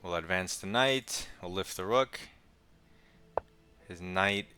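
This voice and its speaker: A young man giving casual, quick play-by-play of his own chess game with wry asides. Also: low-pitched, background noise. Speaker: chess streamer. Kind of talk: casual live game commentary.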